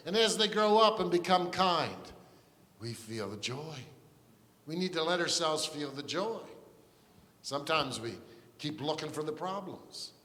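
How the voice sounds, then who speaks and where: Earnest pastor in a reverberant church. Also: male voice, on the high side, expressive, measured pace, sharp tone. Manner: conversational and earnest, with frequent restarts and asides. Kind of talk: sermon. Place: church sanctuary.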